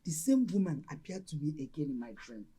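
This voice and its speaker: An excitable Nigerian mother, husky and lively. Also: sits low, fast talker, exaggerated voice. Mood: uneasy. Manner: exclaims loudly, mixes Igbo into English. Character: excitable middle-aged mother, married, children grown. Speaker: actress in a film. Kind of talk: Nollywood film acting.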